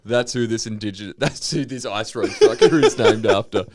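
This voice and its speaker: A man's voice: fairly low pitch, moderate pace, a little mellow. A young man co-hosting a podcast, swearing, laughing and joking through casual comedic chat. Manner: sweary, laughing, jumps into silly voices. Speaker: podcast co-host.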